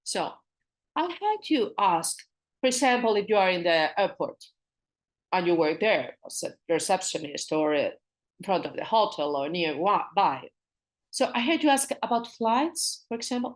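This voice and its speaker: A woman with a Spanish accent teaches business English online, repeating phrases slowly and switching to Spanish to explain. Her voice is mid-range and expressive.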